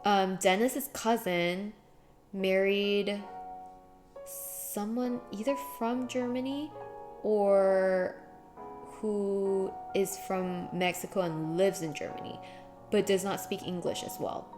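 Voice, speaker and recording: A woman streamer in casual chat, reading chat aloud and acting out little voices with a giggly, animated manner. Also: mid-range voice, takes it slowly, music in the background.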